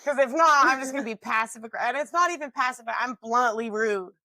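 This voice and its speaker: A woman in her twenties co-hosting a podcast, telling stories in a loud, boisterous way with lots of swearing and laughter. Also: a little high, brisk, dry recording. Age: 20s. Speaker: podcast co-host. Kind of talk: casual chat.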